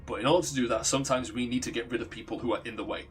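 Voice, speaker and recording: Smooth-talking, scheming general played by a man, slow and deliberate. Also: steady tone, lightly acted. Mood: persuasive. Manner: persuasive, pitching. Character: scheming male general, persuasive.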